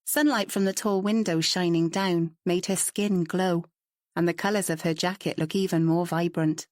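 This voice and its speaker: A woman narrating a novel in calm, even scripted storytelling. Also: lowish voice, normal speed, no echo, studio quality. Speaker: audiobook narrator.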